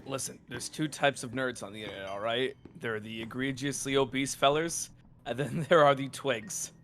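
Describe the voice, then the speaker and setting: A man's voice: medium pitch, normal speed, a bit bright, slight background noise. Joking man who laughs a lot. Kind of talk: casual chat.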